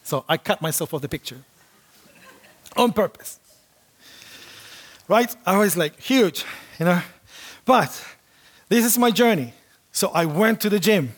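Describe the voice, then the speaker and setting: A man delivers a sermon, telling a personal story in an animated way and acting out the voices of the people in it. His voice sits a little on the high side for a man. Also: measured pace, pauses often. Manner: animated storytelling, acts out quotes. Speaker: preacher.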